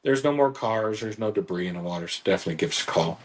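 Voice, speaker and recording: Low, husky-voiced man selling on radio. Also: lively intonation, racing. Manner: chatty, salesy, repeats phone number. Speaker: boat club staff on radio. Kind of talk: casual radio sales talk. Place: radio studio.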